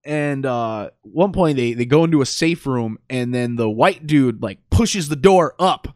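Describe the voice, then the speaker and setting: A man's voice: medium pitch, expressive, measured pace, darkish tone, no room sound, clean studio sound. Man retelling a movie plot, cursing freely. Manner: profane, rambling storytelling. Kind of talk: casual movie recap chat.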